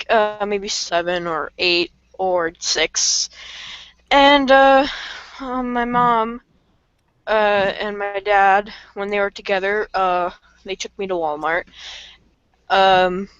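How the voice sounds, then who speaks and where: A woman's voice: medium pitch, fairly bright tone, clean tone, dry recording. A young woman co-hosting a podcast, telling a childhood story in a giggly, self-mocking way with lots of fillers, over a voice call. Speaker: podcast co-host. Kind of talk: casual storytelling chat on a voice call. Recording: dull lo-fi call audio, dry.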